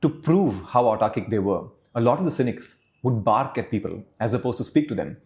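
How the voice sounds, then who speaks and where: A man's voice: medium pitch, lively intonation, a little fast, darkish tone. A man hosting a podcast, asking long questions that think aloud, with fillers and side remarks. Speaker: podcast host. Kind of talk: conversational podcast interview.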